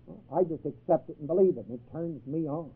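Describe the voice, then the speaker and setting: A man's voice: on the high side, brisk, husky. A man teaching a Bible class in a sermon style, emphatic, quizzing his listeners with questions. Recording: tinny phone-like old tape.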